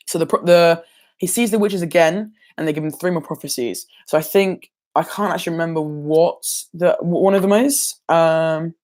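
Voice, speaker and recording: Speaking at a moderate pace with a fairly high pitch and a darkish tone, this teenage student goes over exam material on a relaxed livestream. His delivery wanders, halting on ums and frequent self-corrections.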